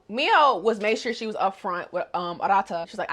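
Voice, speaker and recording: A woman's voice: medium pitch, animated, a little fast, hardly any pauses, fairly bright tone. Young woman anime recapper, casual, slangy, jokey delivery. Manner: chatty, slangy, joking.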